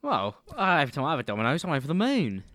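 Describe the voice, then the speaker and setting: Lively laid-back young man. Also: fairly high pitch. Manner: laid-back, drawn-out, ends sentences with 'man'. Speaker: podcast co-host. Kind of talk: casual banter.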